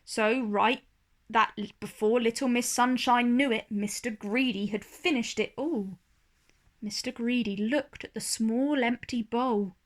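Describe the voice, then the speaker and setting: A woman reading a children's storybook aloud in a slow, expressive manner. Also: fairly high pitch.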